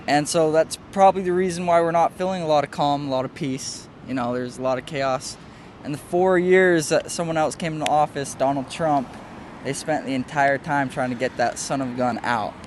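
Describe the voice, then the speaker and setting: A man's voice: on the high side, a little fast. A man on the street earnestly explaining his opinion, often saying "you know". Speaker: passerby giving his view. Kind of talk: casual opinion talk. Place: outdoors on a city street. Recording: faint street traffic noise.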